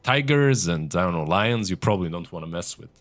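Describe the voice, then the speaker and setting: A man's voice: deep voice, lively intonation, fairly quick, fairly bright tone, no echo. A man co-casting an esports broadcast, bantering playfully and laughing often. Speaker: esports co-caster. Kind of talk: casual on-air banter.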